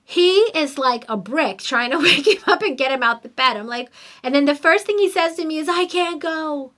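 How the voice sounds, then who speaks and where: A middle-aged woman hosting a podcast, telling a story in an animated, emphatic, conversational way. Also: sits high, brisk. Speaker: podcast host. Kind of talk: casual storytelling monologue.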